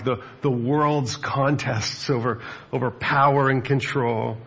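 A male pastor gives a sermon in an easygoing, conversational voice that wanders into asides. His voice is gravelly and a bit husky, and the recording sounds slightly dull and lo-fi. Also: medium pitch, a bit bright.

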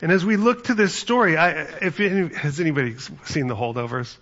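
Through a muffled recording, a pastor tells stories and acts out quotes in a conversational sermon. His voice is a little high, sing-song and a bit bright, moving a little fast.

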